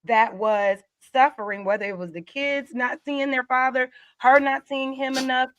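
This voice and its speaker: A woman's voice: high voice, steady tone, dry recording, muffled recording. A woman on a panel over a video call, making her case step by step in a heated debate. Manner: measured, builds her point step by step.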